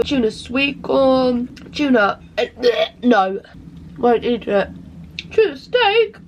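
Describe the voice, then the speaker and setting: A woman's voice: a little high, slight background noise, poor audio. A young woman with a stuffy, congested voice, chatting to camera at home in a rambling, sweary way. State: congested with a cold. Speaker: vlogger. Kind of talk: casual chat to camera.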